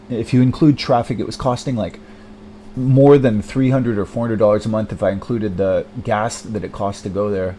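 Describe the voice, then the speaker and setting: A man's voice: mid-range voice, dark tone, slight background noise. Hesitant young man rambling alone. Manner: hesitant, many fillers and restarts, self-deprecating, swears often. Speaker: vlogger. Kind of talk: rambling personal monologue.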